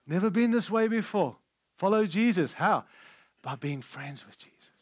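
A man preaching a conference sermon, emphatic and candid, shifting between loud declarations and hushed lines. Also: high voice, lively intonation, normal speed, no room sound, clean studio sound. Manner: candid and conversational.

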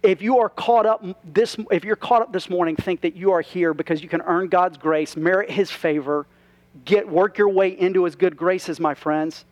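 A man's voice: sits high, fairly even intonation, moderate pace, a little mellow. A man preaching a sermon to his congregation as pastor, conversational, with rhetorical questions and asides. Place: church.

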